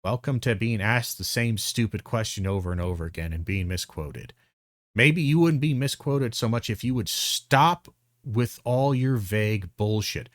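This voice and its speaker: A man's voice: lowish voice, normal speed, dry recording. Guy ranting over clips, swears a lot, keeps restarting, dry mic. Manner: blunt, profane, exasperated ranting with restarts. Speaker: commentary streamer. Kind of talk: reaction commentary.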